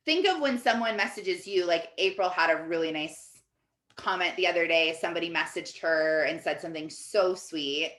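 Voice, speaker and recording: A woman's voice: on the low side, normal speed, a bit bright. A woman life coach giving a casual, chatty coaching talk to her team in an office, often filling with "like". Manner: chatty, fills with "like". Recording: echoey room.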